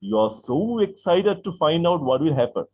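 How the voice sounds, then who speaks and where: A man teaching an English class online, repeating phrases, asking "right?" to check understanding and acting out example sentences. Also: a little high. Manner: acts out example sentences with lively, drawn-out delivery. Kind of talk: online English lesson explaining vocabulary. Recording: tinny call-like line from an online class.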